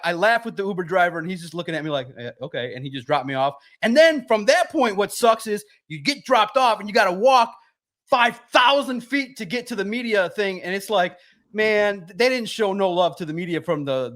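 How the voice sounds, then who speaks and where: A man guesting on a sports podcast, telling stories in an animated way and swearing freely. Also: high-pitched. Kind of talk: casual podcast chat.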